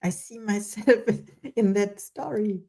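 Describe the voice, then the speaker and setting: Casting: female interview host, mellow tone, quick light laughs through her speech. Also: mid-range voice, gravelly. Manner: warm, laughs often while talking.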